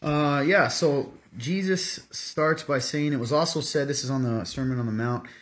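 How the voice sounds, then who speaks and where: A man's voice: mid-range voice, moderate pace, fairly bright tone. A man hosting a casual faith podcast, plainly and steadily answering questions about the Bible. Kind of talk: casual teaching talk.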